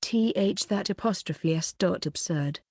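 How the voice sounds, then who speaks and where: A woman's voice: fairly low pitch, takes it slowly, darkish tone, husky, no echo, clean studio sound, exaggerated voice. A woman voicing an uptight, serious schoolboy who talks in an indignant, earnest way.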